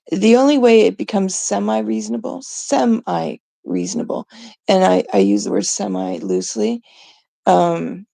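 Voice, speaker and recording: A woman's voice: medium pitch, gravelly, dark tone, dry recording. A middle-aged woman from Canada ranting casually and profanely to her viewers. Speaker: vlogger. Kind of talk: casual rant to camera.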